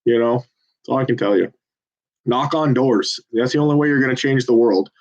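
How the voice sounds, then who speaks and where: A man's voice: medium pitch, normal speed, muffled recording. A man volunteering at a phone bank, chatting casually to viewers between calls in a rambling, profane, self-deprecating pep talk.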